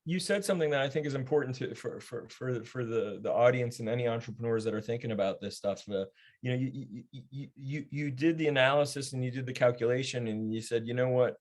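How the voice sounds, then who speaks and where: A man's voice: medium pitch, fast talker, darkish tone. A man hosting an interview who repeats words as he starts a thought, and who sums up what the guest has said. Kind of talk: interview questions.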